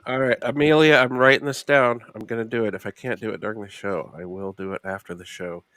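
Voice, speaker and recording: A man's voice: mid-range voice, steady tone, a little fast, fairly bright tone, no echo. A man hosting a live stream panel, chatting casually and reading out plugs and links in an easygoing way. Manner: easygoing, reads out sponsor and link notes. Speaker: host.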